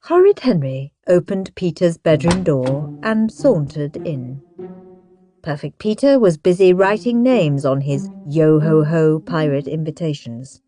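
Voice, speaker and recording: A woman narrating a children's audiobook in a playful, expressive way. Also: deep voice, measured pace, faint music behind. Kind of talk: scripted narration.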